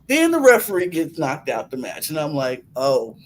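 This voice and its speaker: A young woman on a podcast recapping a wrestling match in animated casual chat, acting out her own gasps and laughs. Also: sits low, measured pace, slight background noise, low-quality recording. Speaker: podcast co-host.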